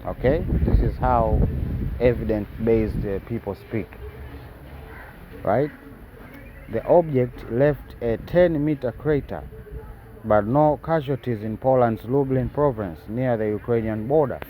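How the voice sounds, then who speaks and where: A man reads news reports in a dark, mellow voice and keeps cutting in with sarcastic asides and tag questions. He stumbles and restarts often, and a faint hum of traffic sits behind him. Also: medium pitch, low-quality recording. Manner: halting, with many fillers and restarts. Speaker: news commentator. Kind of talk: reading news and commenting.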